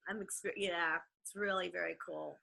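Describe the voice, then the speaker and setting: A woman's voice: fairly low pitch, steady tone, normal speed, vocal fry, sharp tone. A woman leading a group coaching call, upbeat and encouraging as she talks and asks questions.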